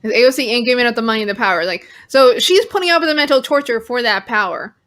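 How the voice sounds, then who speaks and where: A woman's voice: on the high side, animated, quick pace, a bit bright. A woman on a political roundtable panel, emphatic and repeating her points like catchphrases. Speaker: panelist with her own show. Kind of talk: casual political chat.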